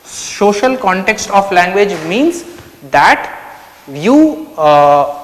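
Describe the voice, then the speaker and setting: Male teacher, explanatory, high-pitched, echoey room. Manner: explanatory, asks and answers his own questions. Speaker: anthropology teacher. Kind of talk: online lecture.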